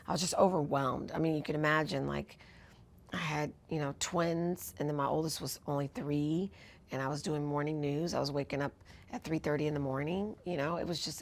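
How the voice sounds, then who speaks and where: With a low, creaky voice at normal speed, a woman in her forties who hosts TV news and writes books reflects earnestly on her life in an interview, turning animated as she replays particular moments.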